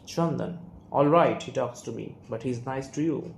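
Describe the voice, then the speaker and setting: A young man with an Indian English accent voicing a guarded, estranged son and writer, reading a play aloud in a measured, restrained way. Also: mid-range voice, creaky, lightly acted. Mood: defensive. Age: young adult. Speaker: student reader. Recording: roomy room, faint hiss.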